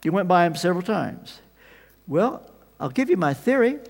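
A man preaching a sermon, telling the story with animated swings between loud emphasis and quiet asides. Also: high voice, moderate pace. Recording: long reverb of a large hall.

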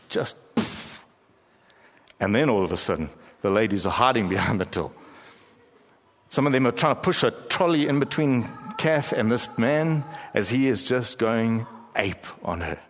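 A middle-aged man preaching a sermon as pastor, telling stories with emphatic pauses and dramatic slow-downs. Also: lowish voice. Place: large church hall. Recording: long hall reverb.

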